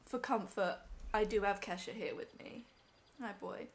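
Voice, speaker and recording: A woman's voice: medium pitch, moderate pace, gravelly. A young woman on a live stream, emotional and teary as she talks to her chat from home.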